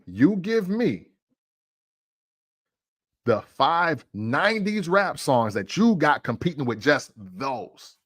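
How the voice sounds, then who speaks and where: A man's voice: medium pitch, fairly bright tone. A man hosting a casual music talk show, arguing playfully and laughing often.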